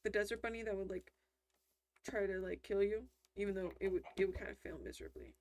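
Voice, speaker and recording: Speaking fast with fairly even intonation, a woman whose voice is medium-pitched and a little mellow offers chatty, rambling commentary during gameplay, often cutting herself off mid-sentence.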